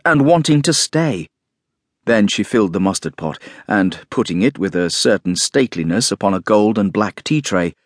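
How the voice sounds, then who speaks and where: Husky, expressive male audiobook narrator. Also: lowish voice, no echo, studio quality. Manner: expressive, measured storytelling. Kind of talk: scripted narration of a classic novel.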